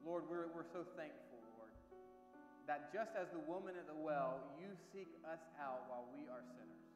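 A man's voice: fairly high pitch, normal speed. Fervent male pastor praying in a church. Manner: fervent, repetitive prayer cadence. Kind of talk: closing prayer at a church service. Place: church sanctuary. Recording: echoey hall with music behind. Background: soft instrumental music.

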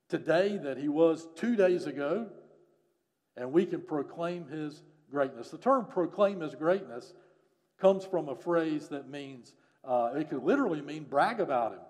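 A man preaching a sermon on a psalm, earnest, rising to emphasis and dropping soft again. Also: on the high side, in a large hall. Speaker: pastor.

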